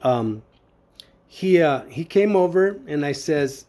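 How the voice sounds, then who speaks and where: A man recounts a family episode as testimony, speaking in a fairly high voice. He stumbles through it with fillers and restarts, and he acts out the lines of the people in his story. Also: animated, mellow. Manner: halting, many fillers and restarts, acts out quoted dialogue. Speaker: witness giving testimony.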